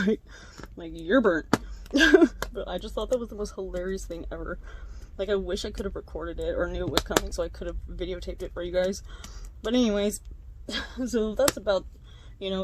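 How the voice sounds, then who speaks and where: A young woman talks straight to her camera at home, spilling neighborhood drama in a loose, gossipy ramble. She slips into quick voiced impressions of the people she's describing and laughs along the way. Her voice sits at an ordinary middle pitch, and a faint hiss sits under the recording. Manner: gossipy, animated retelling with voiced quotes, frequent fillers and laughs. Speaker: vlogger. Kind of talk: casual storytelling chat.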